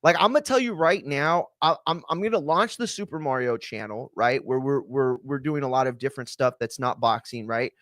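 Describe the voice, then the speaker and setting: A man's voice: mid-range voice, normal speed, few pauses, fairly bright tone, dry recording, studio quality. A man hosting a podcast, ranting casually with lots of swearing and fillers. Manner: profane, ranting, many fillers. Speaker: podcast host. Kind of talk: casual chat.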